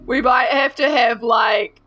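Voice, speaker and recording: A woman's voice: a little high, fairly even intonation, takes it slowly, pushed and bright, soft background music. A woman, chatting casually with viewers on a live stream while she colours, greeting and thanking them by name. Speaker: art streamer.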